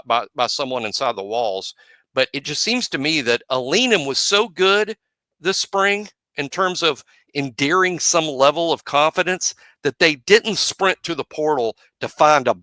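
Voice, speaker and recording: A man's voice: mid-range voice, no room sound. A man hosting a sports podcast in casual chat, telling stories and acting out quotes. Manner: storytelling, acts out quotes loudly. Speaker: podcast host.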